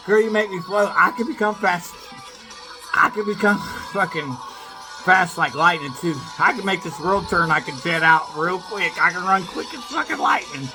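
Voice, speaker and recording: A man's voice: sits high, moderate pace, music in the background. A man in a rambling self-filmed monologue, boastful, swearing freely and breaking into laughter between phrases.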